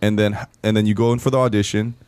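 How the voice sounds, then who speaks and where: A man's voice: fairly low pitch, level tone, fast talker, a little mellow, smooth. A man hosting a casual podcast chat, ranting animatedly and swearing often. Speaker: podcast host.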